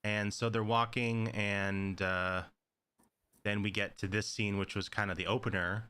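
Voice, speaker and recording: Man, podcast co-host, casual, rambling, profane, low pitch, bright tone. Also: flat delivery, measured pace, smooth. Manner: rambling, profane, lots of fillers. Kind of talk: casual movie recap chat.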